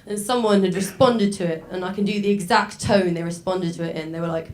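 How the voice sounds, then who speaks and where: A woman's voice: medium pitch, fairly quick, few pauses, darkish tone, a little hiss or hum. Young woman doing stand-up, chatty and self-deprecating, lots of likes and ums. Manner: chatty, self-mocking, with many fillers. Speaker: stand-up comedian. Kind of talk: stand-up set. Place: stage before a live audience.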